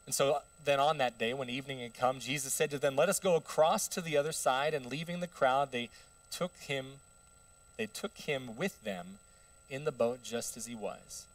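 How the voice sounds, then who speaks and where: A man's voice: medium pitch, moderate pace, recorded from a distance. A male pastor giving a conversational sermon, putting rhetorical questions to the congregation. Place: church sanctuary.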